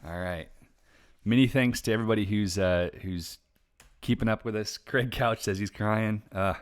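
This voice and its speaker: A woman author and show host at home, reading her book aloud on a live stream and chatting between passages, earnest, quick, and quick to laugh. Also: very deep voice.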